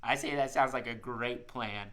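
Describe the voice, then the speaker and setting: A man's voice: a little high, animated, moderate pace. Playful man hosting a kids' music show. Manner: warm, playful, coaxing the audience, says y'all. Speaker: children's music show host. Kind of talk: live-streamed kids' show chat.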